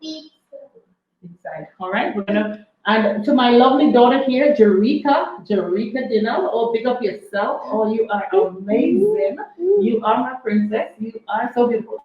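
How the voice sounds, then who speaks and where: A woman talks as the host chef on a cooking stream, upbeat and chatty, with "all right" between each shout-out. The sound rings in an echoey room and comes across a little dull. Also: a little high. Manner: cheerful, repeats "all right" and "big up yourself". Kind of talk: casual shout-outs on a live cooking stream.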